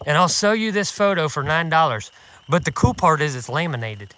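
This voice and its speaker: A man's voice: fairly high pitch, very animated, brisk, a bit bright, a little hiss or hum. A man hosting an outdoors channel, delivering a profane, mocking, indignant rant while out in the woods. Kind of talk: casual ranting vlog.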